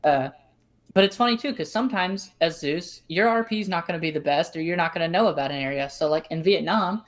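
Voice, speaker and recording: Low-voiced Southern woman chatting casually. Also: fairly quick. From American South. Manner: relaxed, chatty, storytelling with asides. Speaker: host. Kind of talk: casual podcast chat.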